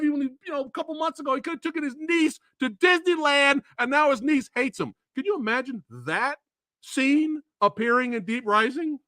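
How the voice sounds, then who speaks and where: A man's voice: very high-pitched, normal speed, no echo, studio quality. A man hosting a live stream, reviewing a film in a profane, exasperated rant. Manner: profane, animated, exasperated ranting. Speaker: movie reviewer host.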